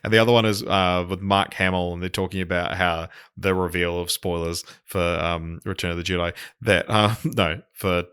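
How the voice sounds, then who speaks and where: A low-pitched man in casual podcast chat. His tone is bright and forward despite the depth. He rambles, swears, and restarts often. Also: fairly even intonation, normal speed, hardly any pauses, clear, resonant tone. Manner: rambling, profane, many fillers and restarts. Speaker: podcast co-host.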